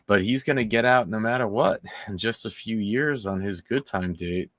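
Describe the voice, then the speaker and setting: A man with a lowish voice talks through a case as a commentary host. He sounds indignant and sarcastic, and he stumbles and restarts his sentences often. The sound is dry and close, with no room around it. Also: normal speed, fairly bright tone, dry recording. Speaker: true-crime commentary host. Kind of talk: casual commentary.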